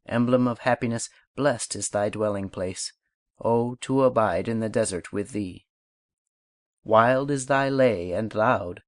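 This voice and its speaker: Dry, measured male audiobook reader. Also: lowish voice, dry recording. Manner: measured, unhurried recitation of verse and instruction. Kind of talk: scripted audiobook narration.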